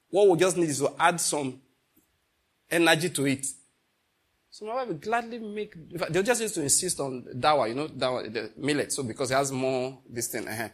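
A middle-aged Nigerian man preaching a sermon, telling stories and slipping into pidgin, moving between loud and hushed delivery. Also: on the high side, brisk, breathy edge. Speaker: pastor. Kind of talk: sermon with storytelling.

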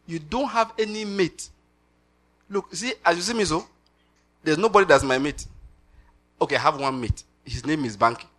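Animated Nigerian preacher, bright voice. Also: male voice, a little high, fairly quick, pauses often. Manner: animated, laughing, pidgin asides. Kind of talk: sermon.

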